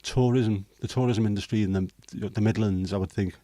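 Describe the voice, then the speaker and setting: A fairly low, warm voice with a steady tone and a moderate pace belongs to a Liverpool man hosting a casual livestream. He chats through viewer comments with hesitant, rambling banter and the occasional swear, and the recording is dry.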